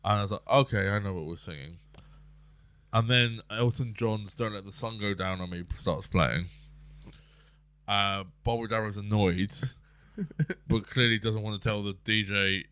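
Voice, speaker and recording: A man's voice: lowish voice, unhurried, fairly bright tone, smooth, no echo. A man hosting a podcast, telling rambling comic stories and laughing through his own jokes. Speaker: podcast host and comedian. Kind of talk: casual podcast chat.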